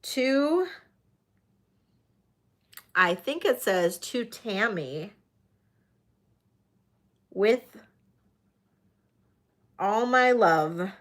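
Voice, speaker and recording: A woman hosting a livestreamed vintage jewelry auction, chatting to viewers and gushing excitedly over the pieces. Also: mid-range voice, drawn-out words, long pauses. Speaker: host of a live jewelry sale. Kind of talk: live auction chat.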